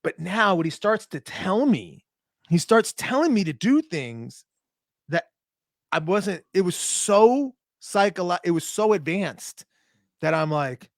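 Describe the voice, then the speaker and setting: A young man from Minnesota tells a fight story as a podcast guest, acting out what people said in an animated, lively way. His voice sits a little high for a man. It is recorded dry and close, with no room sound. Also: slow pace, dry recording. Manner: animated storyteller, acts out quotes. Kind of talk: casual chat.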